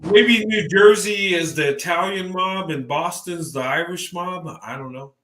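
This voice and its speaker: High-pitched and a bit bright, this podcast host from the American South talks at normal speed in an easygoing conversation. His speech wanders, and he restarts his words at the beginning of each thought. The recording carries noticeable reverb.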